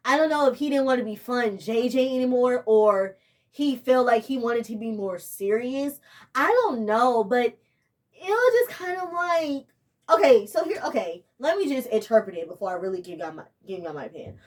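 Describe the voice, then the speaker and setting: Young woman, emotional rambling vlogger, slightly high voice. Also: darkish tone. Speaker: TV show reviewer. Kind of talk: casual vlog review.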